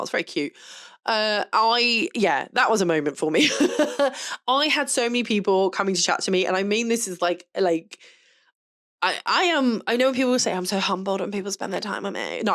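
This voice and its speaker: A woman's voice: mid-range voice, a bit bright. A young adult woman, chatting casually to camera about an event, rambling and laughing often. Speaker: photographer and vlogger.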